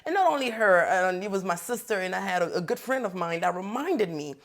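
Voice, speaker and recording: A woman's voice: medium pitch, animated, fairly quick. A young woman from Africa co-hosting a podcast, speaking earnestly and reflectively about her relationship. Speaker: podcast co-host. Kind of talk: casual chat.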